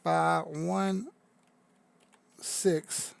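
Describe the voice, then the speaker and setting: Excitable profane crypto streamer man. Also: on the high side, drawn-out words, gravelly, no echo. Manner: excitable, profane, chatty banter with viewers. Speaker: crypto livestream host. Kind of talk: casual livestream chart analysis.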